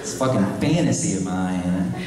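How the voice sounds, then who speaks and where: A young man performing a stand-up comedy set in a small live venue, delivering deadpan absurd one-liners and the occasional shouted animal voice. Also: low-pitched, normal speed. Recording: echoey room taped from far off with crowd. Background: audience laughter.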